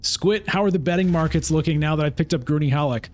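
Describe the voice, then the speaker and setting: A man's voice: on the high side, quick pace. Chatty man streaming a board game. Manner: thinks aloud, chatty, self-mocking. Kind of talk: casual gameplay commentary.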